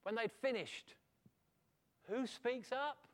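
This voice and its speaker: A middle-aged man preaching a sermon in an animated way, throwing rhetorical questions back at his listeners. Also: very high-pitched, slow.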